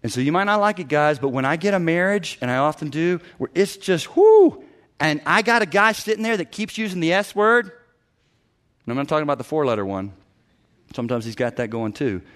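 Brief: middle-aged man, pastor mid-sermon, voice a touch high, lively and dramatic, acts out quotes with loud outbursts. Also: a little fast. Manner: animated preaching, acting out people's voices with sudden loud bursts.

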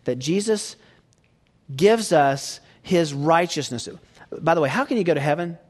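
A man preaching a sermon, swinging from hushed near-whispers to loud emphatic peaks and asking the audience rhetorical questions. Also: fairly high pitch, expressive, unhurried.

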